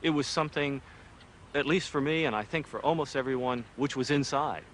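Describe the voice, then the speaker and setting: Older man, measured and reflective. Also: medium pitch, a bit bright, a little hiss or hum. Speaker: former space program engineer. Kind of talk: documentary interview.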